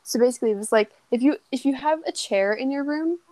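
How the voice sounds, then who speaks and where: A woman's voice: high voice, fast, warm tone, no room sound. Giggly teen girl, dry close sound. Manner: giggly, lots of laughing and apologizing. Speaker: podcast co-host. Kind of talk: casual chat.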